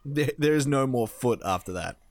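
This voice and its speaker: A man's voice: medium pitch, expressive, moderate pace, no room sound. A man in a casual gaming podcast chat, making wry jokes.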